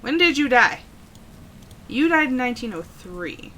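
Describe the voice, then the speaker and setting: High-voiced woman streaming a horror game. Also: big pitch swings, pushed and bright. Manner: jumpy, frightened exclamations between slow puzzle-solving. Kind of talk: live gameplay commentary.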